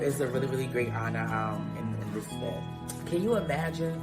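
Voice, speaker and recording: A woman accepts an award with bold, playful confidence and casual slang. Loud guitar music plays behind her voice the whole time. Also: rumbling low, moderate pace, echoey room. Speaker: award recipient and activist. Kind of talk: acceptance speech.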